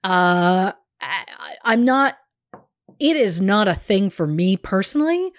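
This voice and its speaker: A woman's voice: mid-range voice, expressive, dry recording, clean studio sound. A woman co-hosting a podcast, speaking candidly and wryly in casual chat, often restarting her sentences. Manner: candid, halting restarts, wry. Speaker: podcast co-host and researcher. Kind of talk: casual true-crime chat.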